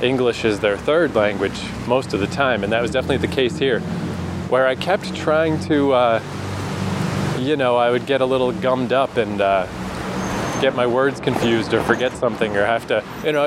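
A man's voice: medium pitch, brisk. Man, casual travel vlog, rambling, laughs a lot, city street, traffic noise. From New Brunswick, Canada. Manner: rambling, chatty, laughs often. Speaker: travel vlogger.

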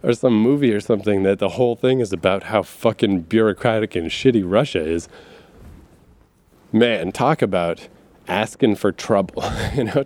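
A man with a low, slightly mellow voice rambles casually through a monologue, swearing freely and laughing often. He fills it with fillers and asides.

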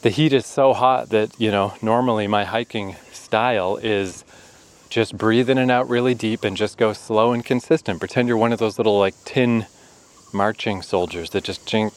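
A man's voice: lowish voice, fairly even intonation, normal speed, poor audio. A man narrating a vlog while hiking a hot forest trail, sweaty and short of breath, chatty and self-mocking with bursts of swearing. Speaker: vlogger.

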